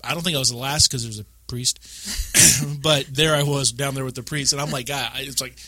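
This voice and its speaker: A man chatting casually on a podcast, rambling and animated as he acts out bits of his stories. His voice is bright and forward. The sound is dry and close, with no room around it. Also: medium pitch, brisk, no echo. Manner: rambling, animated storytelling with acted-out quotes. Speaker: podcast co-host. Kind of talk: casual chat about a video game.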